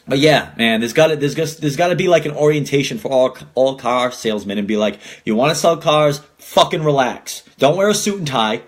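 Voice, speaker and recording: A man's voice: mid-range voice, brisk, few pauses. A young man hosting a podcast, telling stories in a casual, profane rant and acting out the people he quotes. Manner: profane, animated storytelling with quoted voices. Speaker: podcast host. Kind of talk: casual ranting monologue.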